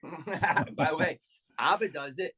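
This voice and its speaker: A middle-aged man, a comedian and podcast guest, telling profane, animated stories in casual chat and acting out what people said. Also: fairly high pitch, slow pace, husky. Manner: profane, animated anecdote telling with acted-out quotes.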